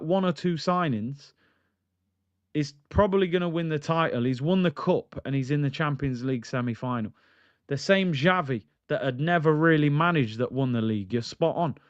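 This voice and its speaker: A man's voice: a little high, clear, resonant tone, no room sound, lo-fi sound. A man hosting a live football stream, ranting animatedly and reading out chat comments. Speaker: football channel host. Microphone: streaming mic.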